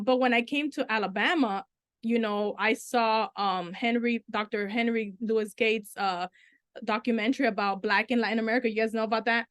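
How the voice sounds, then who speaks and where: A middle-aged woman from the Dominican Republic, a Spanish teacher speaking on a panel and telling her story with lively quoted dialogue. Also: fairly high pitch, no echo, studio quality. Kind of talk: panel discussion.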